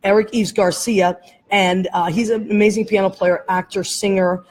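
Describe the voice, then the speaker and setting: A woman's voice: mid-range voice, fairly even intonation, moderate pace, a little mellow, low-quality recording. A woman hosting a casual talk show, chatting in a rambling way and laughing often. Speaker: host. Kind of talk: casual chat. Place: airport, live streamed on camera.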